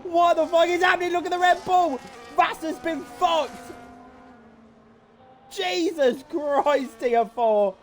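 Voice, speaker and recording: Excitable high-voiced man calling a race. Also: slow pace, slight background noise. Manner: excitable, swearing, laughing in disbelief. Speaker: race commentator. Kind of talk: live sim racing commentary.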